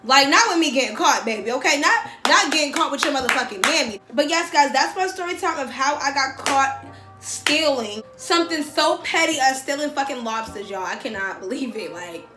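A young woman, telling a story on her vlog in a slangy, profane, animated way. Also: high voice, normal speed. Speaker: vlogger. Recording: echoey room with faint music.

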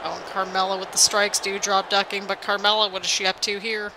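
This gaming channel host is a young woman whose mid-range voice has little pitch movement and runs a little fast, with a noisy background. Her casual let's-play of a wrestling game is chatty and rambling, full of laughter.

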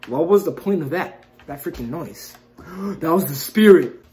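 His voice is on the high side and a little slow as this gaming YouTuber records horror let's-play commentary. He yelps at the scares, then mutters and trash-talks the game, jumpy and excitable, with nonstop mild cursing.

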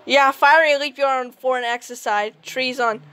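A woman hosting a reaction video in casual commentary, excitable and teasing as she talks to what she watches. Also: high-pitched, moderate pace, smooth.

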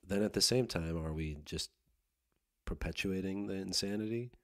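A man with a very deep voice, recorded dry and close, running a relaxed podcast conversation. He keeps his questions short and easygoing. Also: moderate pace, no room sound. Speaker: podcast host, musician. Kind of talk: casual interview chat.

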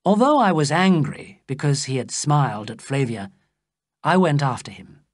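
A narrator reading a graded story aloud slowly and plainly for English learners. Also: no echo, clean studio sound. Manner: slow, clear storytelling with lively pitch. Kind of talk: slow scripted audiobook narration for English learners.

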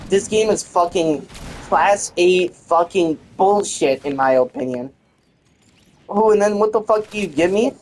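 Low-voiced woman ranting over gameplay. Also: animated, normal speed, slight background noise. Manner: frustrated ranting, heavy swearing. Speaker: gaming channel host. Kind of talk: gameplay commentary.

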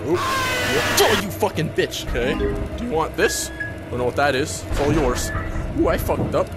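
A man's voice: fairly high pitch, wildly swooping pitch, moderate pace. Wildly swinging, swearing gaming commentator man. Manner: loud, swearing, erratic bursts and laughs. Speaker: gaming YouTuber. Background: game music.

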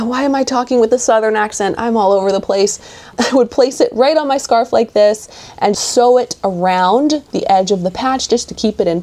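A woman's voice: on the high side, a little mellow. A woman hosting a knitting tutorial, chatty and playful, adding little snipping sounds as she works.

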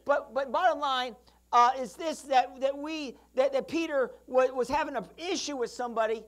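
Pastor preaching with animated storytelling. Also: high voice, moderate pace. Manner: storytelling, acting out Bible characters; calls out to the congregation for responses. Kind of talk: sermon.

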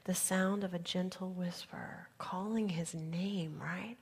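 A woman pastor giving an earnest sermon, often dropping her voice to a soft near-whisper for emphasis. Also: on the low side, fairly even intonation, takes it slowly, breathy edge.

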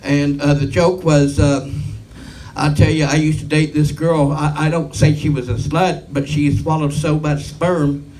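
Stand-up comic, middle-aged man, somewhat high voice, deadpan rambling delivery, mic a little far with faint noise. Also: a little slow. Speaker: stand-up comedian. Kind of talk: stand-up comedy set.

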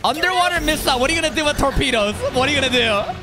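A man commenting casually on an anime as a reaction streamer, excitable and profane, often laughing. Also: very high-pitched, very fast, crowd noise. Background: anime soundtrack music.

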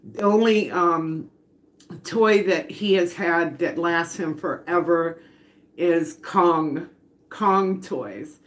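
This livestream host is a middle-aged woman who bakes at home and reads out viewer comments in a relaxed chat. She speaks with a lowish voice and draws out her words.

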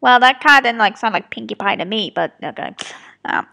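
A woman's voice: a little high, animated, fairly quick, gravelly, very noisy. A woman recording her own audio drama, chatting to herself through blooper outtakes in a self-mocking way, sighing often. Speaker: writer and voice actor of an audio drama.

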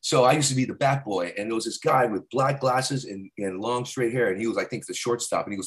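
A man's voice: mid-range voice, fast, few pauses. A middle-aged man from Arizona, a stand-up comedian guest, telling rambling stories in casual interview talk. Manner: rambling, slips into loud character voices for quotes.

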